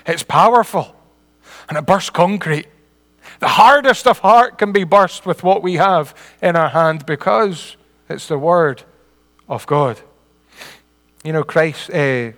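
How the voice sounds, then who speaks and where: A Scottish man in middle age delivers a sermon with a fairly high voice. He talks in an earnest, homely way and builds to emphatic peaks. His voice rings with the long reverb of a hall. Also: a bit bright. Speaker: preacher.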